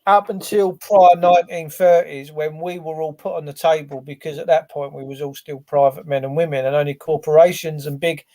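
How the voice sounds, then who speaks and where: A high-pitched man cuts into the conversation with firm, lecturing points. He backs up his co-host with quick, emphatic agreement in between. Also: fairly even intonation, dark tone. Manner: assertive, lecturing, quick affirmations. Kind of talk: casual chat.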